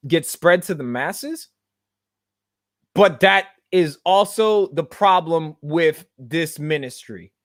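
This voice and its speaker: A man's voice: fairly high pitch, no echo, studio quality. A man hosting a podcast, speaking in a blunt, slangy, digressive monologue. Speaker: podcast host and activist. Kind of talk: casual monologue.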